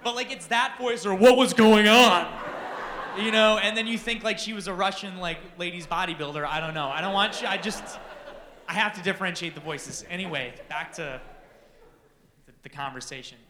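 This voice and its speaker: A man telling a comic personal story to an audience, animated and self-deprecating, acting out the dialogue. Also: high-pitched, brisk, reverberant, background noise. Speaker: speaker addressing an audience.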